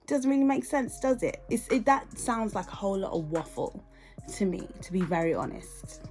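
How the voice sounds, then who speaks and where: A woman's voice: medium pitch, very animated, normal speed, music in the background. Brief: British woman hosting a commentary podcast, indignant and questioning, with a mid-range voice. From United Kingdom. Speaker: podcast host.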